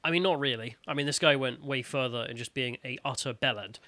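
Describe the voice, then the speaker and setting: A man's voice: mid-range voice, a little fast, bright, forceful tone, no room sound. A man co-hosting a podcast, giving sardonic, mocking commentary on news stories and sometimes putting on voices to quote people. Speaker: podcast co-host. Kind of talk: casual news commentary chat.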